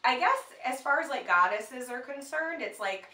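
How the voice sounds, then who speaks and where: A woman's voice: sits high, lively intonation, moderate pace, pushed and bright. A woman co-hosting a casual chat, talking loosely with lots of fillers. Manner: chatty, uses many fillers. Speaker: co-host. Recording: echoey room, mic at a distance.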